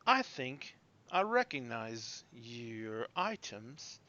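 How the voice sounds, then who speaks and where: A man's voice: mid-range voice, big pitch swings, drawn-out words, bright, forceful tone, muffled recording, pitched below the performer's own voice, heavily acted. A man voicing an eager, proud young male journeyman smith in a tabletop game. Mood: self-assured.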